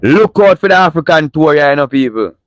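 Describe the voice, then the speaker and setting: A man with a Jamaican accent hosting a casual entertainment news show in patois, animated and chatty, full of catchphrases. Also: on the high side, fairly quick, dry recording, highs cut off.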